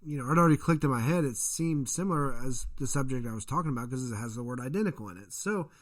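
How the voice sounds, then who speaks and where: A man's voice: medium pitch, expressive, fast. A man who is a father, co-hosting a casual podcast, telling a story in a rambling, profane way and acting out the people in it. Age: adult parent. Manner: profane, rambling storyteller, acts out quoted voices. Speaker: podcast co-host.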